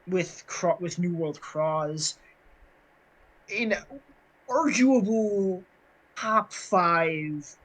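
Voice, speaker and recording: A man's voice: fairly high pitch, fairly bright tone, poor audio. A man co-hosting a casual podcast chat, rambling with many fillers and restarts. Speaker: podcast co-host.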